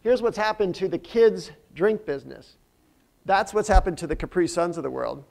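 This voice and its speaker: A man's voice: high-pitched, expressive, normal speed, creaky, darkish tone. A man gives a guest business lecture at a university, his voice sitting well above the usual male register. He talks through his slides in an easy, conversational way, often restarting a phrase, and he turns to the audience with questions. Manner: frequent fillers and restarts. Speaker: company founder giving a guest lecture.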